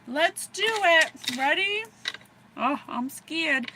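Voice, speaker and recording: A woman's voice: high-pitched, expressive, a little slow, pushed and bright, slight background noise. An American woman giving a casual livestream psychic reading, bubbly and rambling, often giggling. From USA. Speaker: psychic reader.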